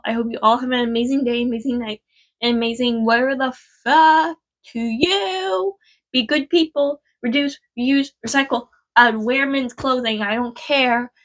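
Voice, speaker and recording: A woman's voice: high-pitched, fairly bright tone. A young woman talking casually to her viewers in a vlog, rambling with lots of fillers and frequent swearing. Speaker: vlogger.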